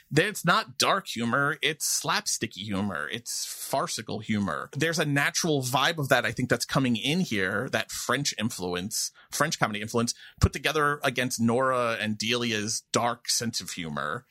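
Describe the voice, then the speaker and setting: A man co-hosting a podcast, talking animatedly about a film and jumping up and down in pitch when he quotes lines. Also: bright, forceful tone, no echo, studio quality. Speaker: podcast co-host. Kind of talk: casual film discussion.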